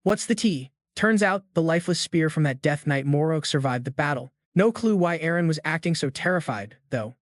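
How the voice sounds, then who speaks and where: A man's voice: a little high, animated, brisk, hardly any pauses, dry recording, clean studio sound. Hyped man narrating a recap. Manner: slangy, hyped-up storytelling. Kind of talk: scripted narration.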